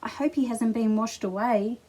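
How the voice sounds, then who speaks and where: A woman's voice: fairly high pitch, moderate pace, dark tone, a little hiss or hum, natural voice, rough recording. A woman voicing an anxious grown-up elephant in a children's picture book. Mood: worried.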